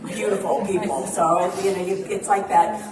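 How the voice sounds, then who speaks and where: A woman's voice: mid-range voice, steady tone, normal speed, crowd noise. A woman minister giving a chatty sermon and announcements in a bubbly, laughing way. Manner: bubbly, laughing, warm storyteller. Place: church hall. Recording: echoey hall, mic at a distance, faint ambience.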